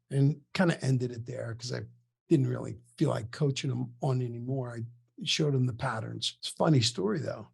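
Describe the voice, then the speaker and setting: Male sales coach, husky and gravelly, animated storyteller on an online call. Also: mid-range voice, normal speed. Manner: animated, acts out the people he quotes. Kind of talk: storytelling case study. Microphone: online meeting with screen share.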